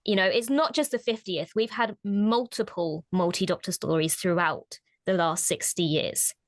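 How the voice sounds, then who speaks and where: A woman's voice: medium pitch, fairly even intonation, normal speed, no room sound, clean studio sound. A woman co-hosting a casual discussion, who talks thoughtfully and often restarts her sentences. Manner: thoughtful, hesitant, many restarts. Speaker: co-host.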